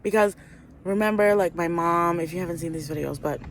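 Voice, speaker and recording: A woman's voice: fairly low pitch, a little fast, a little hiss or hum. A young woman vlogging outdoors, chatting casually about her life, with lots of fillers and "like". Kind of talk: casual storytime vlog.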